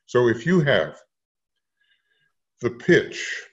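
A man leading a casual discussion, speaking haltingly with many pauses and fillers. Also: mid-range voice, big pitch swings. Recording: muffled lo-fi sound.

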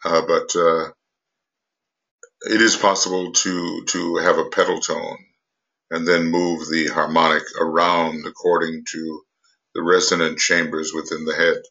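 An older man lectures on spiritual matters without a script, his voice very deep yet bright and forceful. He stops often, fills gaps with hesitations and circles back to restart his thoughts. The recording is dull and lo-fi. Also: flat delivery, gravelly. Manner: halting, many fillers and restarts. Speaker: esoteric teacher.

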